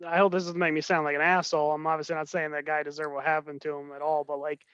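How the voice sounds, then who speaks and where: A man's voice: a little high, little pitch movement, quick pace, fairly bright tone, smooth, no room sound. A man guesting on a podcast, hedging and self-conscious, heavy with fillers, heard over a dull lo-fi line. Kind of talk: casual movie review chat.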